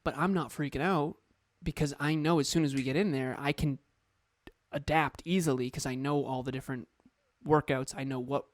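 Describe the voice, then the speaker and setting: A man's voice: medium pitch, steady tone, normal speed, dry recording. A man co-hosting a motivational podcast, talking emphatically and repeating words for stress. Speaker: podcast co-host and coach.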